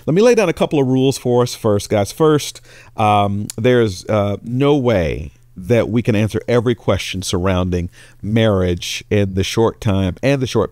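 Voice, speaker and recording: A male pastor giving a sermon, telling jokes and storytelling with big jumps in his voice. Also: dry recording. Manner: animated storytelling, voice jumps high for characters.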